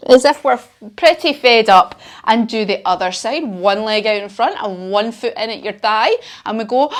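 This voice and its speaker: A woman's voice: a little high, unhurried. A woman leading a children's yoga lesson as a story, encouraging and sing-song.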